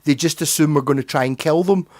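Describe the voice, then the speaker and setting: A young man with a broad Glaswegian accent rambles through a casual livestream chat, swearing freely as he goes. His voice sits a little higher than most men's. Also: fast, darkish tone. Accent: Glaswegian Scottish. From Scotland. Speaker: livestream host.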